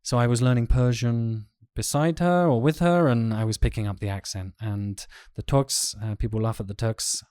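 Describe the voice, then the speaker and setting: A man's voice: medium pitch, moderate pace, hardly any pauses, darkish tone, smooth, no echo, clean studio sound. A man co-hosting a podcast, chatting playfully and mimicking how people pronounce sounds. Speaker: podcast co-host. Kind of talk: casual chat.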